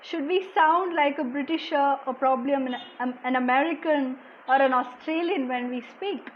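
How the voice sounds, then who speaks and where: A soft-spoken woman from India, her voice high, leads a live online class and answers viewers one by one. She explains patiently and keeps saying "okay". The sound is dull and lo-fi with a faint hiss underneath. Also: normal speed. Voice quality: soft-spoken, low volume. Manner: explanatory, reads out viewer comments, frequent "okay". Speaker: language exam coach. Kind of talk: live-streamed lesson answering chat questions.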